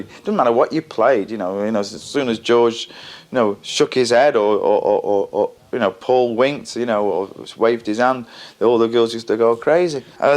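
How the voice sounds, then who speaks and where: An older man reminiscing casually in an interview, halting and repeating words, often chuckling. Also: mid-range voice. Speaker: interviewee, band member.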